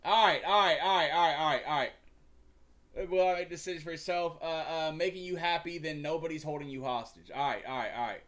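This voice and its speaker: A man's voice: a little high, fast, few pauses, fairly bright tone. A young man hosting a livestream, chatting casually in a slangy, profane, rambling way with frequent stumbles. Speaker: livestream host.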